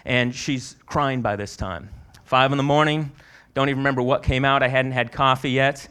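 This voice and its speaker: A man's voice: medium pitch, fairly even intonation, normal speed, pushed and bright, clean tone. A man preaching a sermon at a conference, telling stories in a conversational way, with frequent restarts. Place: conference hall.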